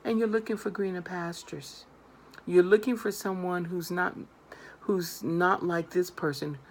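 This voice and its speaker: A woman's voice: fairly low pitch, steady tone, measured pace, a little hiss or hum. A woman tarot reader giving earnest, emphatic advice straight to her viewers. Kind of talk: direct-to-camera advice monologue.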